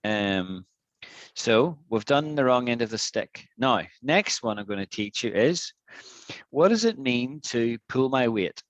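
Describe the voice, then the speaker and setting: A man's voice: medium pitch, animated, unhurried, no echo, lo-fi sound. A man teaching an online English lesson, patiently explaining with repeated examples.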